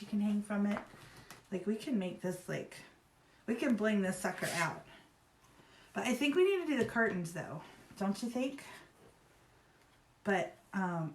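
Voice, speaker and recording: A woman's voice: mid-range voice, a little hiss or hum. Chatty woman hosting a craft livestream. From Virginia, US. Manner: chatty, rambling, upbeat, says "y'all" and "like". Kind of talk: casual live craft demo chat. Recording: roomy echo.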